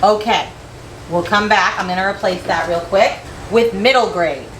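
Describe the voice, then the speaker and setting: A young woman book vlogger chatting casually at home, excitable and quick to jump up high in pitch when she reacts. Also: a little hiss or hum. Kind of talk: casual chat.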